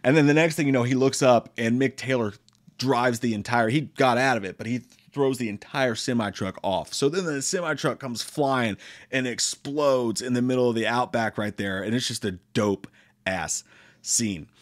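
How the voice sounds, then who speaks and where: A man's voice: medium pitch, moderate pace. A young man giving a rambling, joking, profanity-filled movie review.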